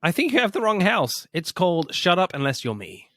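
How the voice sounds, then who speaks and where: A man's voice: sits high, big pitch swings, a little fast, pushed and bright, dry recording. Amused man quoting film lines, dry sound. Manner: amused, laughs while quoting favorite lines. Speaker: podcast co-host. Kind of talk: casual film chat.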